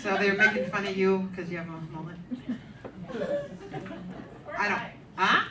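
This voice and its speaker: A woman's voice: mid-range voice, steady tone, measured pace, far from the mic, very noisy. A woman in her fifties performing a brash, profane stand-up set with crowd work in a comedy club. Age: 50s. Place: comedy club stage with live audience. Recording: roomy club sound, loud crowd laughter.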